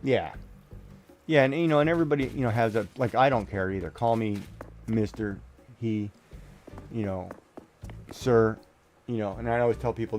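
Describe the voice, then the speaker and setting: A man's voice: fairly low pitch, normal speed, pauses often, a little mellow, faint music behind. A middle-aged man streaming a game, chatting casually in a rambling way with many restarts and fillers. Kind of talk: casual chat while gaming.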